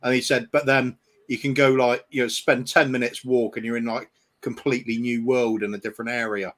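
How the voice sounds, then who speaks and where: A man's voice: medium pitch, level tone, fairly quick, fairly bright tone. A man co-hosting a podcast in casual chat, hesitant, with frequent ums and restarts. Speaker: podcast co-host.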